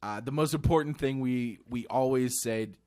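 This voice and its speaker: A man's voice: medium pitch, moderate pace, warm tone, no room sound. A man hosting a casual radio show, talking earnestly and rambling with restarts, slightly out of breath.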